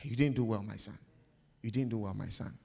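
A preacher voicing God as a gentle fatherly older man who speaks softly and slowly, recorded in an echoey hall. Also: a little high, expressive, lightly acted. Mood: gently scolding.

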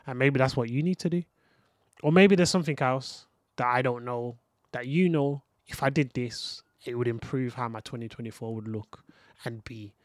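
A man's voice: medium pitch, moderate pace, no room sound, clean studio sound. A young man hosting a motivational podcast monologue, earnest and reflective, talking straight to the listener. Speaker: podcast host.

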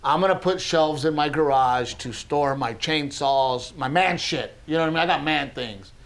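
A middle-aged man co-hosting a podcast, telling funny stories in a casual, animated way and acting out other people's lines. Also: on the high side, normal speed. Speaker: podcast co-host. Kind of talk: casual storytelling chat.

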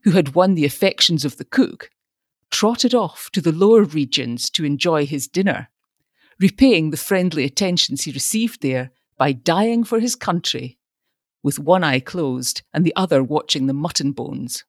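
A woman's voice: deep voice, expressive, normal speed, no room sound, studio quality. A woman narrating an audiobook, reading expressively.

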